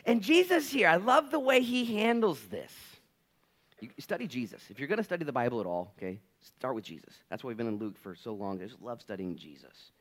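A male pastor preaching a sermon in an animated, conversational and playful way. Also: medium pitch, a little fast.

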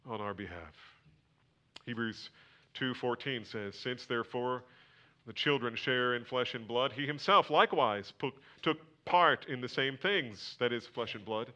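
A man preaching a sermon, swinging from loud emphatic lines to near whispers. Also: medium pitch, highs cut off. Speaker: pastor.

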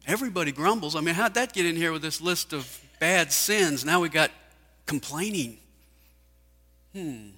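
Guy preaching a sermon, slightly high voice, big hall reverb, lots of rhetorical questions. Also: expressive, normal speed, sharp tone, husky. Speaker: pastor.

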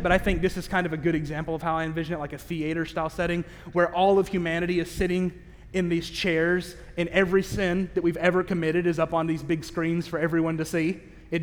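High-voiced preacher in a reverberant hall. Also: male voice. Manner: candid, conversational, with self-aware asides; emphatic, slow-stressed key phrases. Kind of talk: sermon. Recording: long reverb of a large hall.

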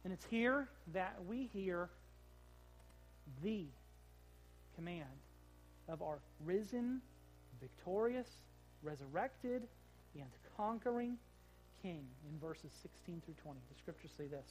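A man's voice: sits high, expressive, takes it slowly, long pauses, slight background noise, poor audio. A man preaching a sermon as pastor, plain-spoken and conversational, full of rhetorical questions. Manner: plain-spoken, with casual fillers.

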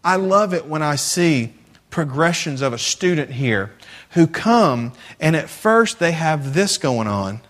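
Man preaching, slightly high voice. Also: very animated, measured pace, a bit bright. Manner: repeats phrases, asks the audience rhetorical questions. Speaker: youth pastor. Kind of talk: sermon.

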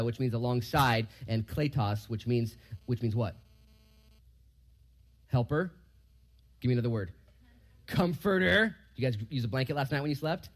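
A man preaches a relaxed verse-by-verse sermon to a gathered congregation. His voice sits at an ordinary middle pitch. He keeps asking the room questions and swings from loud, rising emphasis to quiet, low asides. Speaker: pastor.

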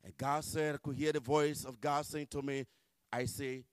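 A man preaching a sermon and telling his own testimony, impassioned and rising to shouts as he relives the struggle. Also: mid-range voice, flat delivery, normal speed, clean tone, dry recording, clean studio sound.

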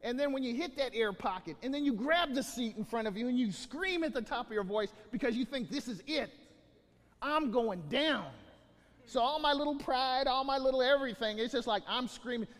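Male pastor, sermon delivery, high-pitched, animated with restarts, church hall echo. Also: quick pace, hardly any pauses. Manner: animated storytelling with many restarts.

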